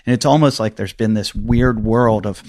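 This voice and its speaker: A man from Pittsburgh hosting a podcast, chatting casually and telling stories in an animated, profane, joking way. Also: fairly low pitch, normal speed. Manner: animated, profane, jokey storytelling. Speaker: podcast host. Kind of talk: casual interview chat.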